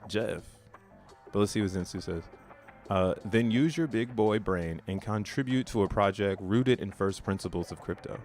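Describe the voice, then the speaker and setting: A man's voice: lowish voice, normal speed, a little mellow, faint music behind. A man casually streaming, reading social media posts aloud with profane slang and frequent laughter. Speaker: crypto streamer.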